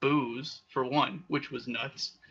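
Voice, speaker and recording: A young man hosting a podcast, telling wild stories in a casual, profane, animated way with frequent laughter. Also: medium pitch, slow pace, gravelly, husky. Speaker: podcast host. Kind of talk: casual storytelling. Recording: dull lo-fi sound.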